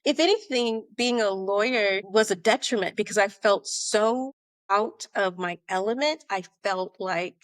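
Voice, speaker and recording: An American woman telling her story as a podcast guest, animated and conversational, acting out remembered dialogue. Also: medium pitch, a little slow, dry recording, clean studio sound. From United States. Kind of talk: conversational interview.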